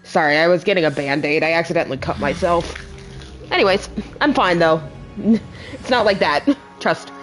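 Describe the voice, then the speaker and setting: A woman's voice: on the low side, moderate pace, fairly bright tone, faint music behind. A woman streamer giving casual, playful, giggly commentary over a game.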